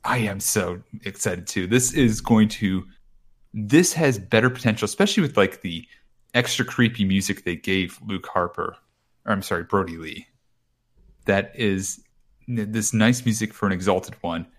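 A man whose voice sits on the low side chats at a normal speed as co-host of a wrestling recap podcast. He rambles and swears a lot while paraphrasing the promos.

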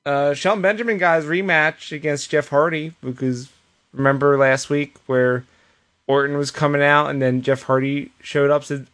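Guy with a kinda high voice recapping wrestling on a podcast, chatty, keeps acting out quotes. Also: moderate pace. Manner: animated storytelling with quoted asides and restarts. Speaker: podcast co-host. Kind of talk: casual wrestling recap chat.

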